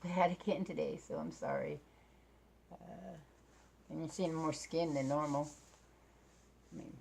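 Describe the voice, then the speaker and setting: A middle-aged woman with a low, gravelly voice rambles to the camera in her vlog. She's self-deprecating and keeps laughing as she talks.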